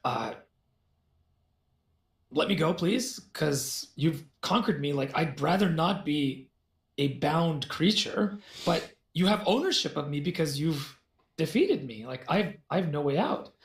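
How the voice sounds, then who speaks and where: A man's voice: fairly high pitch, lively intonation, measured pace. A man voicing a supernatural female horse in a fairy tale, speaking in a matter-of-fact bargaining way, recorded in a roomy space. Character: supernatural fire-breathing female magic horse. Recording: roomy echo.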